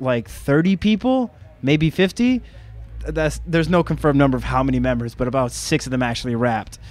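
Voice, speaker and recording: Young man, mid-pitched voice, blunt, swearing, cheeky casual chat. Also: darkish tone. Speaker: shop visitor sharing records. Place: record shop in a venue.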